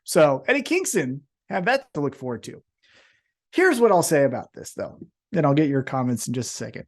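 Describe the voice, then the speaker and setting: A man's voice: fairly high pitch, very animated, brisk. A man co-hosting a wrestling podcast, ranting with heavy swearing and mocking put-on voices. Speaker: podcast co-host. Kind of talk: profane ranting wrestling chat.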